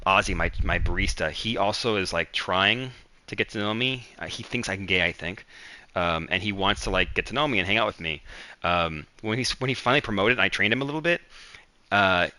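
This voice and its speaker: Young male streamer, rambling storyteller, lower register with a tense, bright edge. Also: no room sound, low-quality recording. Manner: rambling, gossipy, quick to act out coworkers. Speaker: livestream host. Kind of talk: casual storytelling chat.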